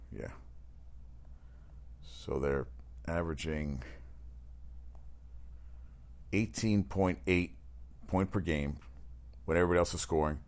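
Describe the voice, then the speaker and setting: Deep-voiced man ranting casually. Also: measured pace, pauses often. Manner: blunt, profane, opinionated rambling with restarts. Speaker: show host. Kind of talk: casual chat.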